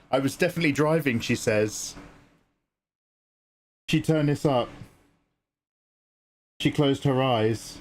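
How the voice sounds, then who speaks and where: A man's voice: medium pitch, a little slow, pauses often, a little hiss or hum. A young man chatting casually on his art livestream, joking and laughing at his own stories. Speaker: art streamer.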